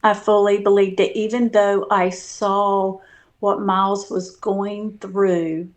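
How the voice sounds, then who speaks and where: A woman's voice: medium pitch, level tone, slow. A woman guest telling a personal story in casual interview talk, earnest and full of fillers and restarts.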